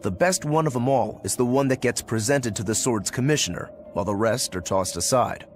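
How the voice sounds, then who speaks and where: A man's voice: medium pitch, fairly quick, slight background noise, lightly acted. An actor voicing a laid-back young swordsman in a video game, easygoing and matter-of-fact. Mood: calm.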